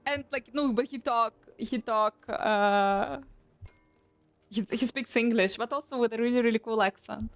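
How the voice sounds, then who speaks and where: A young woman chatting casually on a live stream, animated and swearing often as she restarts her sentences. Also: on the high side, unhurried, no room sound. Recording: faint background music.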